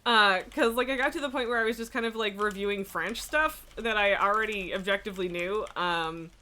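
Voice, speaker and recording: In a medium-pitched voice that's a little fast, pushed and bright, a livestreamer chats with her viewers. She drifts from tangent to tangent, laughing a lot and filling her speech with fillers and swearing.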